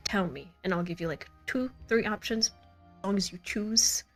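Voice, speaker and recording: A woman's voice: mid-range voice, normal speed. Woman, game master, bubbly and giggly, casual stream sign-off, faint music bed. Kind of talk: casual chat wrapping up a live tabletop stream.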